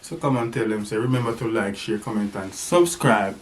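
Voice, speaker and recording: Fairly low and expressive, a man's voice moves fairly quickly as he playfully teaches his baby in a home vlog. He talks in a sing-song way and imitates animals.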